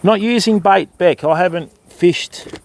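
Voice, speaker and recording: A man's voice: high voice, measured pace. An older Australian man chatting casually on a riverside fishing livestream, answering viewers and calling them mate and bud. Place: outdoors by a river.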